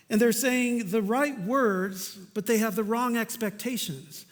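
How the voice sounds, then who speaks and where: A male pastor with a fairly high voice preaches in an earnest, conversational style and drops in casual asides. His words ring out with the long reverb of a church hall. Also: unhurried, few pauses. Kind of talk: sermon.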